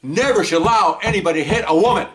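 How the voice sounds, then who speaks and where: A man voicing a young woman job applicant, exclaiming in a high, breathless rush. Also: fast, close to an everyday voice, low-quality recording. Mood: dramatic.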